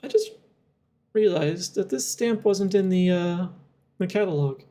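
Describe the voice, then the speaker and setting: Playing a game on stream, a young adult talks casually, wandering between thoughts aloud with lots of fillers and frequent laughter. Their voice is warm, medium-pitched, and unhurried.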